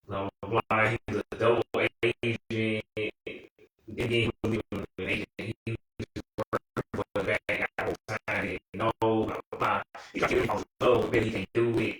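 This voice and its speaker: Young man, casual profane rant, rambling and exasperated; heavy room echo, sits well back from the mic. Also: a bit bright. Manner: profane, rambling, exasperated, with sudden high-pitched outbursts. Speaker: TV commentator. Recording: very echoey room, voice from far off the mic.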